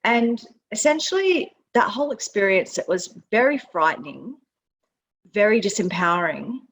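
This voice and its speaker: A woman's voice: mid-range voice, very animated, moderate pace, fairly bright tone, a little hiss or hum. A woman in her fifties with an Australian accent, a nutrition coach guest talking frankly in an interview. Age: 50s. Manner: frank, laughs easily. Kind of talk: interview conversation.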